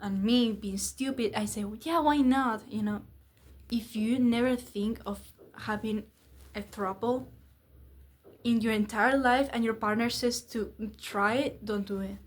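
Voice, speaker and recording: Young woman venting on a vlog, kinda high voice, rambly and swears a lot. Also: steady tone, a little slow. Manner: rambling, candid, swears freely. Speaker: vlogger. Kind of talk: casual confessional vlog.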